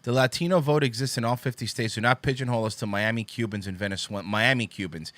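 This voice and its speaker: A man's voice: mid-range voice, fast talker, a bit bright, no room sound. A man hosting a political commentary show, reading posts aloud and mocking them with sarcastic, profane asides. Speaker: host.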